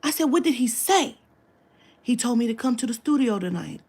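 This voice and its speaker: A woman's voice: a little high, expressive, moderate pace, a little mellow, breathy edge. A woman telling a long story in casual talk, acting out the quoted dialogue, swearing freely and dropping into whispers. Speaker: spiritual reader telling a client story.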